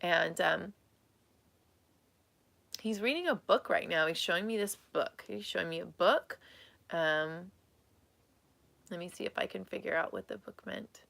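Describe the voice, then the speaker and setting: A woman psychic medium giving a live reading, speaking in a halting, emotional way with many restarts, at times tearful. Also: fairly low pitch, vocal fry, fairly bright tone.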